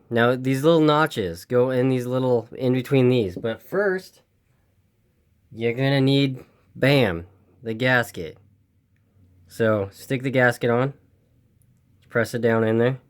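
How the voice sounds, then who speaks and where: A man with a clear, resonant mid-range voice talks slowly, leaving long pauses, as he explains an RC car repair step by step in a laid-back how-to video. As the hobby channel's host, he wanders off topic, repeats directions, and apologizes for the camera, his voice giving out.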